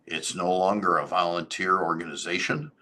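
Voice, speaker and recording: A man giving a local government update as town supervisor, talking in a halting way with many fillers and self-corrections. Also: sits low, steady tone, sharp tone.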